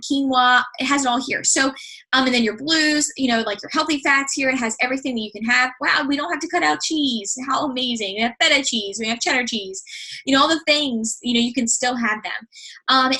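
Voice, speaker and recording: Bright-voiced chatty fitness coach woman. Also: fairly high pitch, low-quality recording. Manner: chatty and upbeat, rambling with many fillers and restarts. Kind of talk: casual instructional talk.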